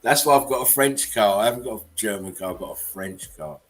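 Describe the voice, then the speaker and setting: A man's voice: lowish voice, fairly quick, poor audio. A man hosting a casual livestream, talking bluntly, swearing and chuckling often. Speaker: channel host.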